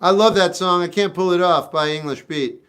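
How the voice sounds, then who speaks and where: A man's voice: sits high, normal speed, a bit bright, clear, resonant tone. A man in his forties from South Florida, casually chatting and answering viewers' questions on a music livestream, wry and laid-back.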